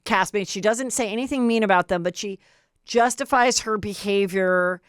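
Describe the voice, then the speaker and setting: A middle-aged woman hosting a podcast, gossiping in a lively way and acting out what others said. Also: medium pitch, normal speed, smooth, no echo, studio quality. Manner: animated gossiping, acting out quotes. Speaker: podcast host. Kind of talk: casual pop culture chat.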